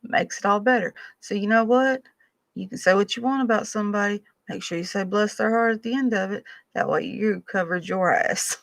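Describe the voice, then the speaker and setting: A woman's voice: medium pitch, fairly quick, creaky, no room sound. A woman telling folksy, humorous stories from her past in a casual way. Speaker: storyteller vlogger. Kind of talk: casual storytelling.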